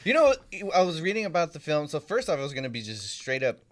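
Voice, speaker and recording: A man co-hosting a podcast in casual chat, retelling movie trivia with animated delivery and casual swearing. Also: on the high side, fast, no echo. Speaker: podcast co-host.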